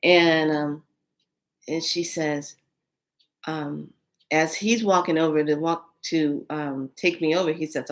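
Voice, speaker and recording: Slow-talking, low-voiced woman vlogger. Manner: animated, exclaiming, frequent fillers. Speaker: spiritual vlogger. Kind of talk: casual storytelling to camera.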